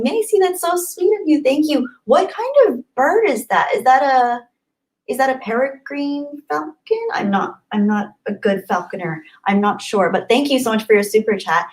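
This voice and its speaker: A woman chatting casually on a live stream from her home webcam setup, reading chat and greeting viewers with bubbly, gushing excitement and little gasps. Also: high-pitched, moderate pace, poor audio. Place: home, apartment.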